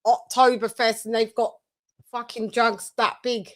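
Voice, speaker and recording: A woman hosting a casual chat show, telling lively, animated stories and swearing freely. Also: fairly high pitch, measured pace. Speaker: host.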